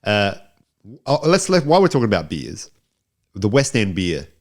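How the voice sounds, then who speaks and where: A man's voice: lowish voice, very animated, moderate pace. An Australian man co-hosting a film review podcast in casual chat, often repeating and restarting his words.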